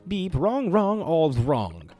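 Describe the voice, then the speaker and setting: A man's voice: on the high side, huge pitch swings, takes it slowly, warm tone, faint music behind, voice pushed up, full character voice. A man voicing a long-winded, theatrical male game-show villain while reading game dialogue aloud, in a grandiose, teasing announcer manner.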